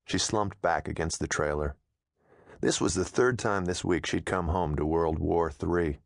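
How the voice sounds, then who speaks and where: A man narrating an audiobook in a steady, measured storytelling manner, close to a studio mic. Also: low voice, gravelly, no echo.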